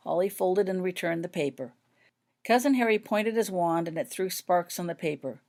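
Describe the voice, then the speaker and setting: Low-voiced woman reading a story. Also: expressive, normal speed, darkish tone. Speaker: author reading her own fan fiction. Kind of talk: storybook narration.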